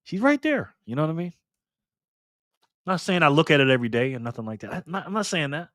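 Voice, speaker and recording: On a live stream, a man chats casually and greets viewers by name one after another, teasing them playfully. His slightly high, bright voice is very animated and fast. The sound is close and dry, without room echo.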